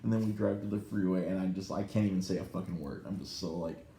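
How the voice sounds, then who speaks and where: A man in his thirties hosting a podcast, telling a story in a casual, animated way, swearing often and acting out the voices he quotes. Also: sits low, fast talker, roomy sound, slight background noise. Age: 30s. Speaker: podcast host. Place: podcast studio in a comic shop.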